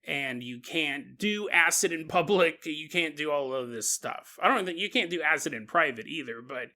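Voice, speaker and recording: A man hosting a podcast, talking through a conspiracy theory in an animated, jokey way and acting out quoted voices. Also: a little high, normal speed. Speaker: podcast host. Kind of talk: comedic conspiracy podcast monologue.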